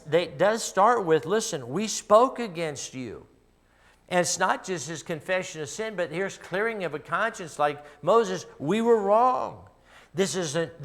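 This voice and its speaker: A middle-aged man with a Midwestern American accent preaching a sermon in a church, telling stories in a conversational way and dropping to a hush for personal moments. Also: fairly high pitch. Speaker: pastor. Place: church sanctuary.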